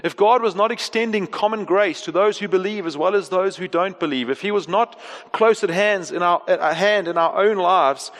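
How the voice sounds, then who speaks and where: A man in his thirties preaches with a high, earnest voice. He drops to slow, quiet passages, then lifts into raised, emphatic lines. His voice rings out with a long echo in a church hall. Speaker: pastor. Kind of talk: sermon.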